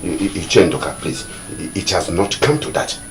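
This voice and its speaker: A man's voice: sits low, lively intonation, fairly quick, very noisy. Stammering, pleading would-be king. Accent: Nigerian. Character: desperate man who wants to become king, pleading. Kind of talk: Nollywood film acting.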